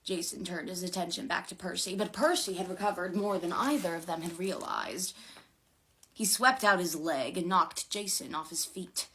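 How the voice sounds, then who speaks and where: A woman reading a fantasy novel aloud in an expressive, dramatic way. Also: fairly low pitch, moderate pace. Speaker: reader.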